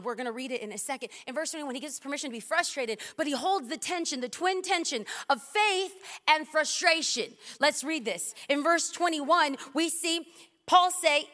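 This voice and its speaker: A woman preaching to a congregation, her high, ringing voice bright and sharp. She delivers the sermon in an animated, punchy way with quick humor. Her words trail off into the long reverb of a big church hall.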